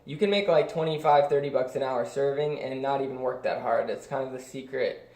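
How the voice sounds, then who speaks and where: A man's voice: medium pitch, fairly quick, a little mellow, echoey room. A young man telling a personal story in a casual, rambling way, full of fillers and restarts. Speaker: vlogger.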